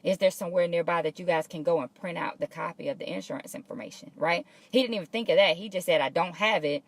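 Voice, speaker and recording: A woman's voice: fairly low pitch, fast, no echo. A woman hosting a live morning motivational show from her workplace, talking casually and encouragingly to viewers and greeting them by name.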